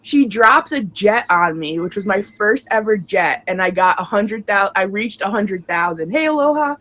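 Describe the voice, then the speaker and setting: A woman's voice: medium pitch, normal speed, muffled recording. A young woman co-hosting a casual live-stream show, chatty and bubbly with plenty of fillers. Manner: bubbly, many fillers, bursts into excited shrieks.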